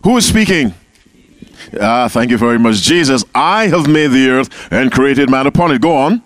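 A man's voice: mid-range voice, expressive, normal speed, dry recording. A man leading an interactive Bible class, calling on members by name and repeating key phrases. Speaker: Bible teacher.

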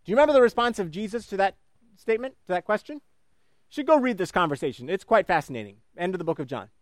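Man, sermon, high voice, dry close sound. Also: quick pace, no echo. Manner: animated, acts out voices in his stories. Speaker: preacher.

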